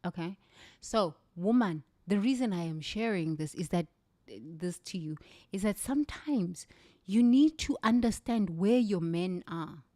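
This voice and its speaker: Intense South African woman, low and dry. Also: animated, a little slow, mellow, no room sound. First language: Zulu. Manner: intense, emphatic, repeats phrases for weight. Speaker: livestream speaker. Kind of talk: impassioned motivational talk.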